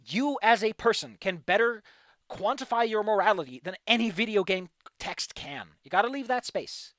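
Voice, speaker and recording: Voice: mid-range voice, lively intonation, normal speed, a bit bright, dry recording. A streamer giving casual gaming commentary, opinionated and ranting, often restarting mid-thought.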